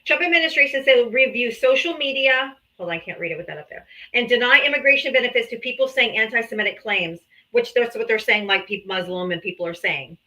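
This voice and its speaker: A young woman hosts a confrontational political livestream, her voice bright and pushed forward. She taunts and calls out viewers, daring them to join. She speaks a little higher than most women. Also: expressive, fast, few pauses, low-quality recording. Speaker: livestream host.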